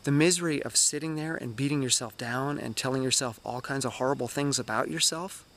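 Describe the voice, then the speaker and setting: Casting: man, 40s, energetic and candid vlog host, woods setting. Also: medium pitch. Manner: energetic, candid self-talk. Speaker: running vlogger. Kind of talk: motivational vlog monologue. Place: outdoors in the woods.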